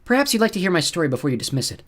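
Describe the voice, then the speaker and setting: A wary, haunted woman speaks softly and earnestly in a storybook, as a male reader raises his voice to put her on. The tone is husky and lively in pitch, careful rather than loud. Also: very fast, full character voice. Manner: soft, cautious and earnest. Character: guarded, haunted adult woman with a secret. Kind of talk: audiobook narration.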